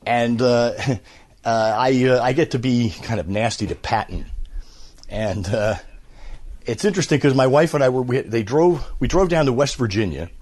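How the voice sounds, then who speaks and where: A man in his fifties, a voice actor, telling stories in a casual interview with an animated, filler-laden manner. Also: mid-range voice, moderate pace. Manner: animated storyteller, many fillers. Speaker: voice actor, guest.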